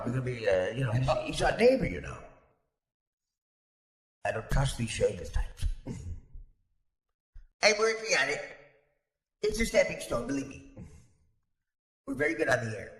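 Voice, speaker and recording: A man's voice: medium pitch, huge pitch swings, normal speed, pauses often, a bit bright. A man voicing a snobbish, bigoted, wealthy older aunt, speaking primly and giggling at her own remarks in an improvised comedy sketch. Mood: haughty gossip. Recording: roomy echo.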